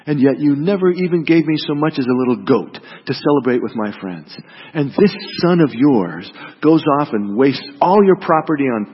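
A man's voice: mid-range voice, husky. A man voicing a resentful older brother with a raised, indignant voice. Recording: dull lo-fi audio with long reverb.

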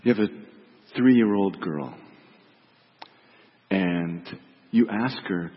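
Low-voiced man preaching in a reverberant hall. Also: sing-song, measured pace, long pauses. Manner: reflective, gentle, drops soft on key words. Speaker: pastor. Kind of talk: sermon. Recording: dull reverberant hall recording.

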